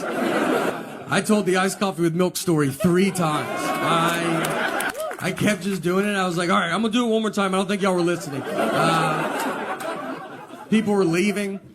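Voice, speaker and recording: Southern male stand-up, fairly high voice, dry deadpan delivery, live set with audible crowd noise. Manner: slow, deadpan storytelling with trailing pauses. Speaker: stand-up comedian. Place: comedy stage with live audience. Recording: noisy live audience recording.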